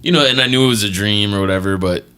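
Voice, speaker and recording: A man's voice: fairly low pitch, racing, sharp tone. A man co-hosting a podcast, telling a dream story in laid-back, profane, casual chat. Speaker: podcast co-host.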